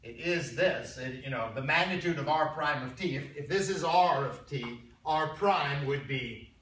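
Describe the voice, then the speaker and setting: A man's voice: on the high side, moderate pace, fairly bright tone. Man lecturing in an echoey classroom. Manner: conversational, repeats himself, quizzes students. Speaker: math instructor. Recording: roomy, distant classroom recording with faint noise.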